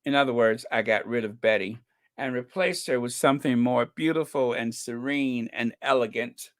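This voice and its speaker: A man's voice: medium pitch, normal speed. A man hosting an online channel, chatting casually and reading out viewer comments with opinionated, mocking asides. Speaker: channel host.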